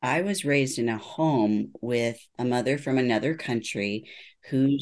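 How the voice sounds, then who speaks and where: A woman's voice: a bass voice, measured pace, a little mellow. A middle-aged woman, a neuropsychologist, telling her story as an interview guest in an earnest storytelling manner. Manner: earnest storytelling, acts out quoted dialogue. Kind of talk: personal testimony in interview.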